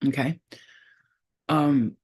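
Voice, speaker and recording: Her voice is very deep, steady, slightly mellow, and breathy as this psychic reader gives a spiritual reading directly to camera. She's casual, blunt, and profane, repeating points for emphasis and pausing often, trailing off while sounding out names she claims to be receiving.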